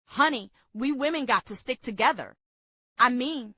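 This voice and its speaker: A woman's voice: fairly high pitch, expressive, pushed and bright, breathy edge, no room sound, heavily acted. Woman putting on a drawling Southern cook. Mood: motherly. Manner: slow, drawling and earthy.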